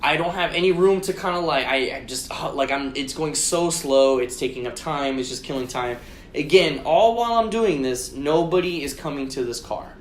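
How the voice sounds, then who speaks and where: A man co-hosting a podcast, telling a story in casual chat, swearing constantly and acting out his own shouted lines. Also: fairly high pitch, moderate pace, slight background noise. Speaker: podcast co-host. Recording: roomy echo.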